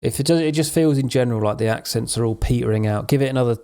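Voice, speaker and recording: Suffolk-born male streamer, gravelly, meandering and dry. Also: medium pitch, racing, warm tone. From Suffolk, England. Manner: rambling, wry. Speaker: live streamer. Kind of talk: casual chat.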